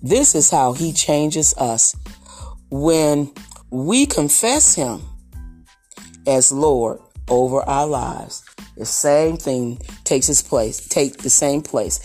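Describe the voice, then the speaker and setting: Low-voiced woman preaching emphatically. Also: expressive, slow pace, warm tone, faint music behind. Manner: emphatic, rhythmic preaching with repetition. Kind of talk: sermon.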